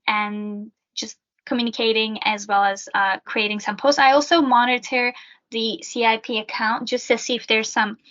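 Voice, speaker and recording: A young adult woman, a student peer helper, answers interview questions in a chatty style full of fillers. Her voice sits a little high with a sharp tone, and the recording has a dull lo-fi quality.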